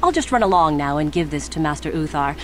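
A woman's voice: deep voice, animated, fast, background noise. An actress voicing a scheming, ambitious female Sith student in a video game, clipped and self-assured. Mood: coolly defiant. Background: game music.

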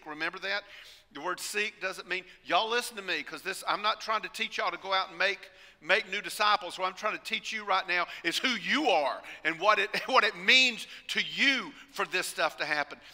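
A man's voice: high-pitched, pushed and bright, big-room sound. A man preaching a sermon, emphatic and calling on the congregation for responses. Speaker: pastor. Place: church sanctuary.

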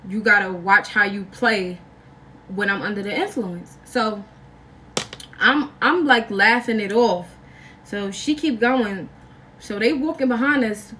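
A young woman vlogger telling a story in a casual, slangy, animated way, acting out other people's lines. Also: medium pitch, far from the mic, a little hiss or hum. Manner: animated, slangy, acts out quotes with big jumps in voice.

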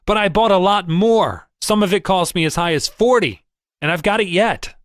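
A man acting an enraged middle-aged trader, yelling himself hoarse, very animated pitch, dry audiobook read. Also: normal speed, no room sound. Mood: furious. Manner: shouting, sputtering with rage. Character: furious middle-aged male stock speculator.

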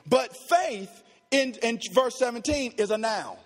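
A man preaching with a strikingly high voice. He drives his points home by repeating phrases, dropping into quiet low asides, then rising to shouted peaks. His words ring out with the long reverb of a church hall. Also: unhurried. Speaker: pastor. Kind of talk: sermon.

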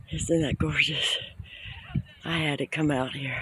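A man vlogging casually while hiking up a steep hill, excited and out of breath. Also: on the high side, a little slow, breathy edge. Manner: excited, exclaiming often. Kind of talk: casual walking vlog. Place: outdoors on a steep hillside. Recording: outdoor wind and ambient noise. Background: birds and open-air noise.

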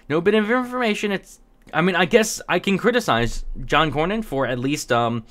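A man's voice: mid-range voice, fairly bright tone. A man giving casual political commentary, exasperated and sarcastic, stumbling over restarts and laughing in disbelief. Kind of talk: casual commentary reading tweets.

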